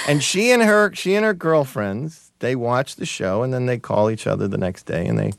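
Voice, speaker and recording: A man being interviewed as a guest, telling stories in a halting, amused way with many restarts. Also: mid-range voice, animated, vocal fry, dry recording. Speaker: guest, TV writer and producer. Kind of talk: conversational interview storytelling.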